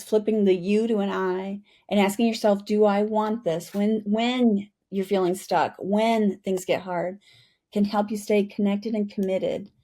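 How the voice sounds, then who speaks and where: Animated woman telling her story. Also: mid-range voice. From United States. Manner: animated storyteller, often adds "right?". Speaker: guest, retired Army helicopter pilot. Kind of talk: storytelling interview.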